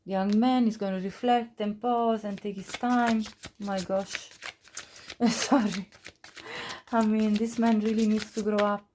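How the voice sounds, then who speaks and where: A woman's voice: mid-range voice, a little mellow. A woman giving a casual pick-a-card tarot reading, chatty, with frequent laughs and many fillers and restarts. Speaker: tarot reader.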